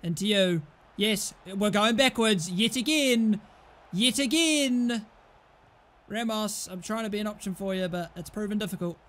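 A young British man giving live, excitable commentary over a football video game, swearing and shouting at his computer teammates. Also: sits high, a little fast. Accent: British English. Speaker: gaming YouTuber.

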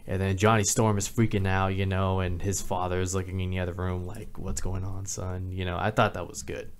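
A man's voice: low-pitched, level tone, fairly quick, slight background noise. A man in casual podcast chat, talking hesitantly with many fillers as he recalls movie scenes.

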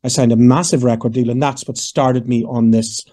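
A Northern Irish man in his fifties, a singer answering interview questions in a lively, storytelling way and acting out the voices of people he quotes. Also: medium pitch, moderate pace. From Northern Ireland. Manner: animated, digressive, acts out quoted voices. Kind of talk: conversational storytelling.

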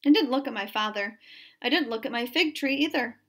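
A woman teacher reading a children's story aloud in an expressive storytelling manner. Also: fairly high pitch, a little fast.

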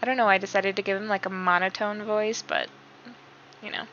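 A woman's voice: mid-range voice, steady tone, brisk, a bit bright, a little hiss or hum. A young woman casually commenting on her game, giggly and self-deprecating as she talks to herself. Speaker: gaming YouTuber. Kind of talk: casual let's-play commentary with dialogue read-alouds. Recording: slightly dull home mic with game music behind.

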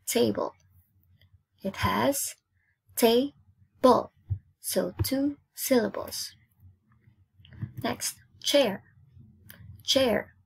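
Slow husky woman teaching syllables. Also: mid-range voice, a little mellow. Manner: slow, repeats each word twice and counts out syllables. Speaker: English teacher. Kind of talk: classroom lesson, spelled-out syllables.

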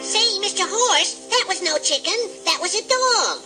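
An actor playing a small, cocky but gullible young chicken hawk who talks tough, in 1950s children's record acting with music behind. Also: male voice, very high voice, lively intonation, normal speed. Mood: earnest. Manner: tough-talking, earnest, naive.

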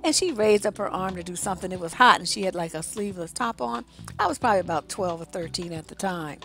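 This relationship coach talks fast, her lowish voice carrying a slightly bright quality, while music plays faintly underneath. Speaking directly to listeners, she gives frank, foul-mouthed advice in a casual, chatty style.

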